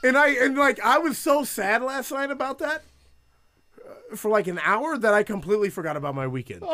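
A man's voice: very high-pitched, expressive, a little fast, bright, forceful tone. A man who does stand-up, telling a story in casual podcast chat, swearing and laughing as he goes. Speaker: stand-up comedian. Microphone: studio mic on camera.

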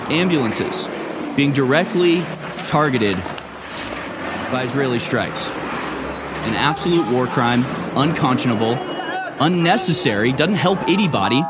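A man's voice: medium pitch, very noisy. A man hosting online news commentary, reacting to clips in an indignant manner with sudden exclamations. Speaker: political commentary host.

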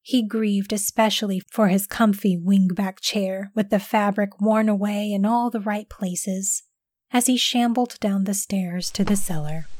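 A woman reading a scripted story aloud in an expressive, steady narration. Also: mid-range voice.

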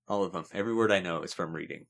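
A man co-hosting a podcast in casual banter, joking, swearing and boasting with deadpan mock seriousness. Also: low-pitched, rapid-fire, vocal fry. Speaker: podcast co-host.

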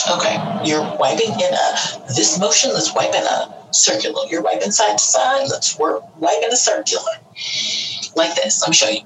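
A woman's voice: medium pitch, sing-song, measured pace, fairly bright tone, far from the mic, slight background noise, low-quality recording. A woman talking earnestly and with feeling about parenting teenagers, acting out little quoted voices as she goes. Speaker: parent sharing advice. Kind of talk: casual heartfelt talk.

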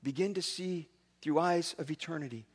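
A man preaching a sermon as pastor, retelling stories in an animated, casual way with many asides. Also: on the high side, moderate pace, slightly rough.

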